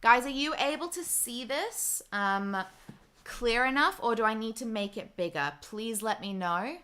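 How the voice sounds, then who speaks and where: A woman's voice: fairly high pitch, lively intonation, unhurried, bright, forceful tone, clear, resonant tone. A young Australian woman with an Australian accent, hosting a livestream in casual chat and reading viewer comments aloud. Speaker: livestream host.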